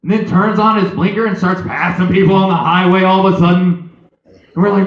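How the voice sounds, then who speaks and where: A young man performing a stand-up comedy set, animated and jumping into loud high voices for characters. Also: fairly quick. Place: comedy club stage. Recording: echoey, dull low-fi live recording.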